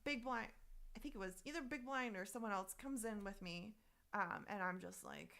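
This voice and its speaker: A woman poker streamer in casual live-stream chat, telling her story in an animated, exasperated way, swearing freely and answering viewer messages. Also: medium pitch, normal speed, creaky.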